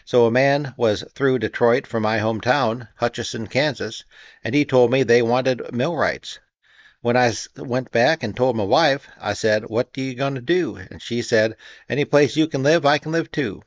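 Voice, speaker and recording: A man's voice: medium pitch, moderate pace, no room sound, natural voice. A man voicing a huge, friendly blond millwright who talks plainly and directly, on a dull, slightly muffled recording. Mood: eager.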